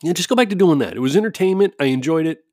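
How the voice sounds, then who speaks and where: Man, casual home monologue, profane, sarcastic, lively pitch swings, dry close sound. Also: very fast, no echo. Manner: animated, profane, sarcastic, frequent laughs. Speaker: parent with kids at home.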